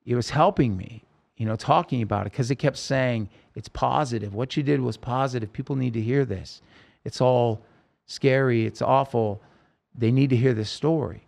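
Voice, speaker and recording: A man as an interview guest, telling a personal story in halting speech with frequent restarts and self-corrections. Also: medium pitch, gravelly, a little mellow.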